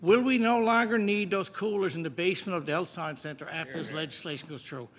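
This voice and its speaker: A man, an opposition member in a committee debate, talking indignantly and slowing down to stress his words. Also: high voice, a bit bright. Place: legislative chamber.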